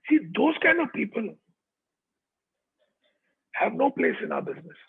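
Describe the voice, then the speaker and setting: A man's voice: high voice, big pitch swings, measured pace, gravelly, husky. A man giving a chatty motivational talk over a video call, checking in with his audience as he goes. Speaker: motivational speaker. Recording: tinny online call audio.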